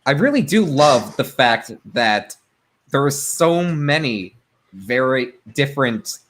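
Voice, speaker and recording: A man's voice: mid-range voice, fairly bright tone. Rambling man chatting on a podcast. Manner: laughing, rambling with many fillers. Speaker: podcast panelist. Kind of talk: casual group chat.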